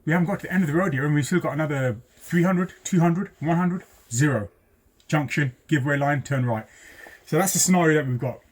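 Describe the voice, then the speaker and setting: A man, a driving instructor telling a story in a lively way, full of ums and acted-out voices. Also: on the high side, fast, breathy edge. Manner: animated, acts out voices, many ums. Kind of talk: casual storytelling.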